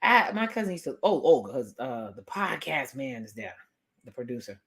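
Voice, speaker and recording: A woman vlogger giving a casual, sassy recap rant with animated delivery and laughing asides. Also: very deep voice, normal speed.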